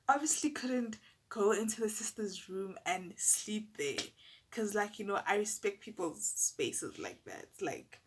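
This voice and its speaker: A young South African woman telling a personal story to camera in a casual, animated, exasperated way. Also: mid-range voice. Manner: animated, exasperated, lots of fillers and asides to viewers.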